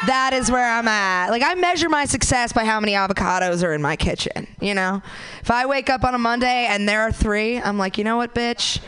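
A woman's voice: mid-range voice, a bit bright, slight background noise. A young woman doing a stand-up comedy set, crude and self-mocking, rambling with lots of likes and you knows. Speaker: stand-up comic.

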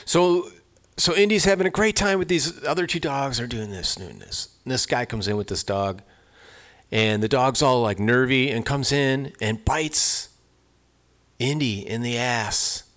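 A man's voice: mid-range voice, fairly bright tone. A middle-aged American man hosting a radio show, telling a long story in a rambling, chatty way full of asides and restarts. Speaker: radio host. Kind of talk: casual on-air storytelling.

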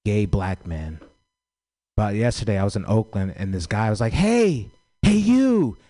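Low-voiced man doing open-mic stand-up. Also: normal speed, dark tone. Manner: profane, self-mocking, asks the crowd for critique. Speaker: stand-up comedian. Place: small comedy venue.

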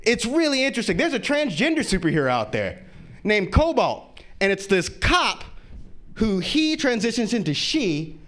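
Animated high-voiced male stand-up comic. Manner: animated, profane, acts out characters in quick bits. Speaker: stand-up comedian. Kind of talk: stand-up comedy set.

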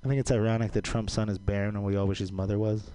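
A young adult man performing a stand-up comedy set, delivering deadpan one-liners that break into loud, high-pitched outbursts. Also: rapid-fire, a little hiss or hum.

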